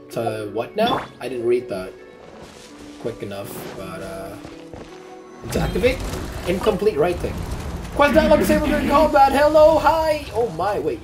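A gamer giving casual commentary while playing, reacting loudly and swearing freely. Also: medium pitch. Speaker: gamer playing through a game. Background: game music.

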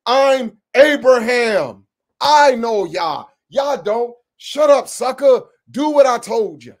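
A contemptuous patriarch barks orders at his household and sneers at everyone below him, as a preacher puts him on. The voice sits high and booms louder than ordinary speech, with a drawn-out, swaggering delivery. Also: lively intonation, heavily acted. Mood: scornful, bossy. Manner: blustering, contemptuous and bossy. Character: imagined arrogant domineering patriarch, grown man.

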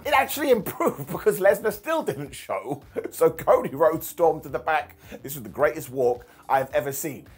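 A man hosts a comedic wrestling recap. His voice sits high and swoops widely, and a husky edge runs through his sarcastic, mocking delivery. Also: very animated, normal speed. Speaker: wrestling show reviewer.

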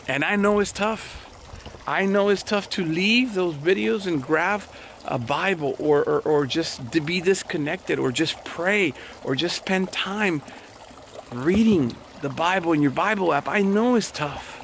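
Gravelly-voiced man preaching a sermon. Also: high voice, lively intonation, unhurried, fairly bright tone, slight background noise. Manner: conversational, repetitive preaching with rhetorical questions. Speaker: pastor.

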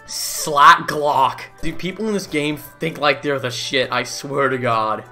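A man's voice: medium pitch, takes it slowly, sharp tone, soft background music. A young man giving casual, goofy commentary as he plays a game, laughing often and swearing casually. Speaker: gaming YouTuber.

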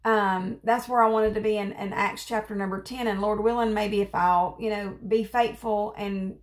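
A woman's voice: mid-range voice, fairly even intonation, moderate pace. A woman giving a casual spoken devotional, earnest and conversational, repeating phrases for emphasis and wandering through restarts and fillers. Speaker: devotional speaker.

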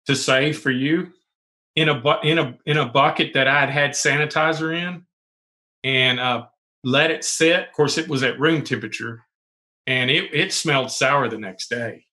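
An easygoing man with a bright, somewhat high voice. He explains things plainly and laughs along in casual podcast banter. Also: measured pace. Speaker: podcast co-host.

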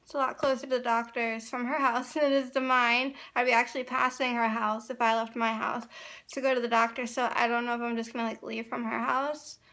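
Young woman with a high voice, rambly casual vlog chat into her phone. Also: level tone, fairly quick, pushed and bright. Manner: rambling, chatty, filler-heavy. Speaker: vlogger.

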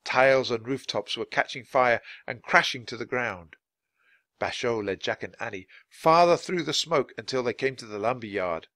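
A man's voice: mid-range voice, normal speed, fairly bright tone, no room sound. A man reading a children's chapter book aloud at natural speed for language learners, with dramatic expression. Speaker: narrator.

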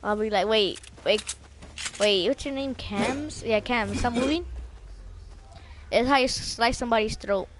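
A young woman streaming a game live, talking to teammates in an excitable, jumpy way and swearing often. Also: fairly high pitch, a little slow, long pauses, noisy background. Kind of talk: live gameplay commentary.

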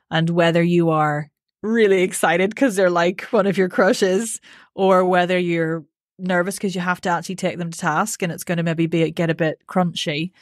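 A woman, a voice coach answering interview questions in a clear, methodical, upbeat way. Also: lowish voice, dry recording, studio quality. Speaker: voice coach, podcast guest.

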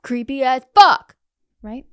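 Mujer de voz clara y algo aguda. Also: female voice, high-pitched, lively intonation, slow, smooth, dry recording. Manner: chatty, heavy use of "like". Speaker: podcast co-host. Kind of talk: casual chat, telling a dream story.

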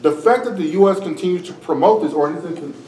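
A man teaching a debate class in a relaxed, conversational way, his voice strained and wearing thin. He sits a little high for a man and is picked up from a distance across a roomy, echoey classroom. A faint hiss runs underneath. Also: quick pace. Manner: casual, tags sentences with "right?". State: strained, tiring voice. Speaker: debate instructor. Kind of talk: classroom lecture. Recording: echoey room, far from the mic, faint noise.

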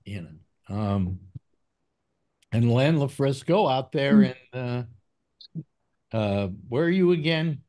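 A man's voice: mid-range voice, lively intonation, takes it slowly, long pauses, dark tone. Rambling male talk show host. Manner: rambling, with many fillers and restarts. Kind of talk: casual panel chat.

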